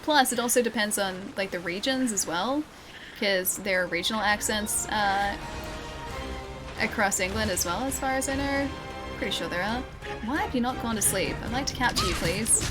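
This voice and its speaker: A woman's voice: mid-range voice, normal speed, low-quality recording. A woman with an Australian accent chatting casually as she plays a game on stream, coaxing and teasing the monsters. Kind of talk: casual gameplay commentary. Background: game music.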